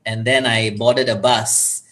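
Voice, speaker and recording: Guy hosting an online talk, tells funny stories on himself, animated, video call sound. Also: mid-range voice, takes it slowly. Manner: storytelling, self-deprecating, animated. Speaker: host. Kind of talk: casual online talk show.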